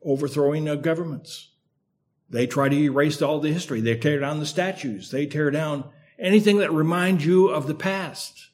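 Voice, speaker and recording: An older man preaching a sermon in an earnest, measured way, with a slight lisp from a sore tongue and emphatic repetition. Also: fairly high pitch, darkish tone.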